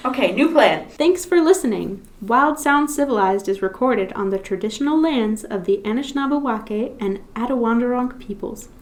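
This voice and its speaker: A woman's voice: a little high, expressive, moderate pace, few pauses. A woman co-hosting a podcast in casual chat, laughing often and saying um a lot. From Canada. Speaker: podcast co-host. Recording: roomy sound, mic at a distance.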